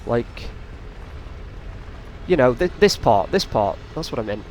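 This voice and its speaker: A man's voice: medium pitch, very animated, measured pace, a little mellow, slight background noise. A man doing casual, rambling let's play commentary, often taunting the enemies on screen. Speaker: gaming channel host.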